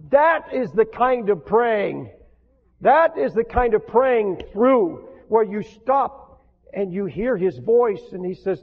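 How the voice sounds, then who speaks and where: Older male preacher, high-pitched and fervent, for an archival sermon with a narrow, tinny sound and a long church reverb. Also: very animated, slow pace. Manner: impassioned, rising to emphatic declarations, reads scripture in old-fashioned wording.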